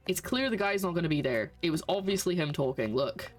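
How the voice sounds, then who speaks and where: A woman's voice: fairly low pitch, animated, a little fast, hardly any pauses, faint music behind. Sarcastic woman streamer. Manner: sarcastic, exasperated at the game. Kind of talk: casual gameplay commentary. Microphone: desk microphone. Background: game audio.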